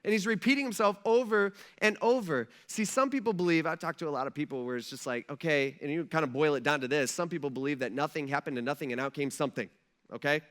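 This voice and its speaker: A man preaching a relaxed, conversational sermon as pastor, often checking in with the congregation. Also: a little high, quick pace. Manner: casual, folksy, asks the room "right?" often.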